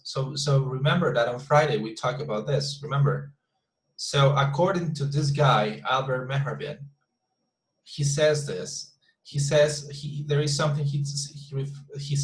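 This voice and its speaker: A male English teacher leads an online class from a roomy, echoing space. He explains patiently, often restarting his sentences and asking his students if they follow. His pitch sits in a middle range. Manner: explains with many restarts and "you see?" checks.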